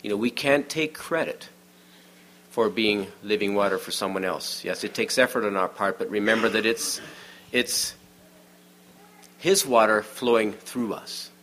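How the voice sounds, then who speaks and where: A man giving a sermon in a conversational, storytelling way, often dropping to a hush for the quiet moments. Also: fairly low pitch, a little slow, slight background noise. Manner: many restarts and fillers, informal aside. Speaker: preacher.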